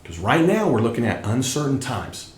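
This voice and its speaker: Still getting over an illness, a middle-aged man hosting a tax channel addresses viewers straight to camera in a casual, emphatic manner, going over his points repeatedly. He speaks at medium pitch with big pitch swings and a moderate pace, and the room is echoey.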